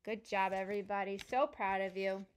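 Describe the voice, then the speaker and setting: A young woman speech-language pathologist reading a picture book to children, asking questions and praising answers slowly and encouragingly. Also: mid-range voice, steady tone, a little hiss or hum.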